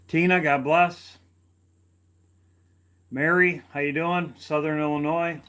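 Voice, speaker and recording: A man hosting a casual online livestream, greeting viewers by name and talking slowly with many fillers and repeated phrases. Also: fairly high pitch, steady tone, a bit bright. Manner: slow, halting, repeats himself with fillers. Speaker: online video host.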